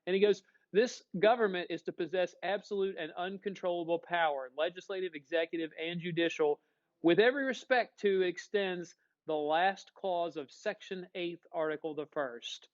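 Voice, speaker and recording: A male teacher giving a casual classroom lecture, animated and quizzing the class. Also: sits high, moderate pace, dull audio.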